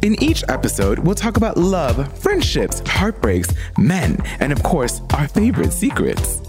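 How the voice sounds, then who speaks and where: Playful, animated woman podcast co-host. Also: deep voice, unhurried, over music. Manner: playful, expressive, jokey. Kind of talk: casual chat.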